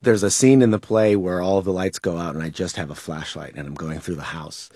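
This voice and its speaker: A man's voice: deep voice, a little fast, no room sound, clean studio sound. A man actor, a guest, telling stage stories enthusiastically. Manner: enthusiastic, animated storytelling.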